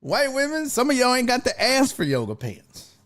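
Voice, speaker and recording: Profane, animated sports talk host. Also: male voice, extremely high pitch, normal speed. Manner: profane, laughing, animated riffing. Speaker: sports talk show host reading chat. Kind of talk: casual live-stream chat.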